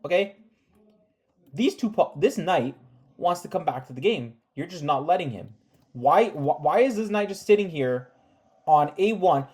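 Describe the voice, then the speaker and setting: Chess recap host, mid-pitched, sarcastic, scolding, reads move lists fast. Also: animated, a little mellow. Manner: sarcastic, scolding the players with rhetorical questions; calls out moves in rapid lists. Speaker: chess commentator. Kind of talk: chess game recap commentary.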